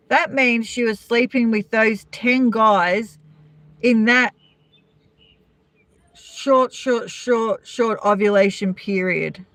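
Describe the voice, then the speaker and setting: A woman's voice: medium pitch, fairly bright tone, no room sound. A woman with an Australian accent hosting a casual live-stream chat, gossiping and answering viewers' comments by name. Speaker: vlogger chatting with live viewers.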